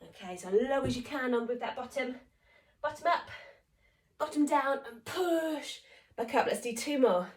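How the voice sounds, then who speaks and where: A woman's voice: high-pitched, animated, moderate pace, slight background noise. A woman leading a home workout at a chatty, encouraging pace, counting reps and getting out of breath as she exercises. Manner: breathless from exercising while talking. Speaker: fitness instructor. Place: home room. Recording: echoey room, voice from a distance.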